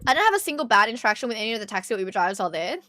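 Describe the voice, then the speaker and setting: A young Australian woman streamer telling stories in casual chat, animated and swearing freely as she acts out the people she met. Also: mid-range voice, racing.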